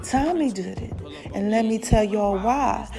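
A woman podcast host giving an excitable, casual recap of a TV episode, talking straight to her listeners. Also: medium pitch, measured pace, over music. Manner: excitable storytelling, addresses listeners as y'all.

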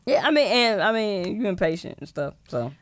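A woman's voice: mid-range voice, very animated, moderate pace, no room sound. A woman co-hosting a podcast in casual chat, laughing easily and steering the talk with reflective questions. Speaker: podcast co-host.

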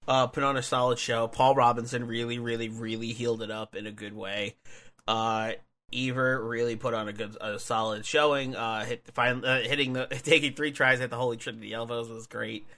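Male podcast co-host, bright tone, rambling filler-heavy delivery. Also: mid-range voice, fairly even intonation, moderate pace. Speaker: podcast co-host reviewing wrestling matches. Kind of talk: casual chat.

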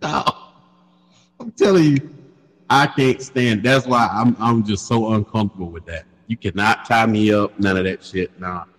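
A man telling a crude story in casual chat on a podcast, animated and laughing along. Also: on the low side, normal speed, in a large hall, poor audio. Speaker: podcast co-host.

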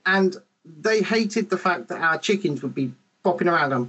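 A man hosting a casual podcast chat, animated and rambling, with lots of restarts, on a podcast microphone. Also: high-pitched, moderate pace, breathy edge, dull audio.

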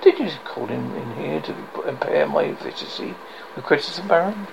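A man's voice: on the high side, lively intonation, normal speed, vocal fry, noisy background. A man reading as a sneering scheming advisor.

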